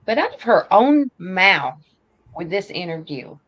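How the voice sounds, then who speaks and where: A woman's voice: lowish voice, sing-song, a bit bright, lo-fi sound. Blunt, opinionated woman co-host. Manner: blunt, opinionated, drawn-out phrasing. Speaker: podcast co-host. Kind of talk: casual political chat.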